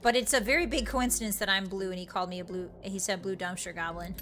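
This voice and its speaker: A woman streamer talks fast in a mid-range voice, offering excitable, casual commentary as she plays a game. She bursts into exclamations and occasionally slips into playful pirate talk, with faint music behind her.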